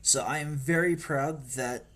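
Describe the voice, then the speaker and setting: A man's voice: a little high, measured pace, fairly bright tone. Chatty man rambling while painting minis. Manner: rambling, self-mocking, drops into whispers while concentrating. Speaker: streamer painting miniatures. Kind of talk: casual live-stream chat while painting.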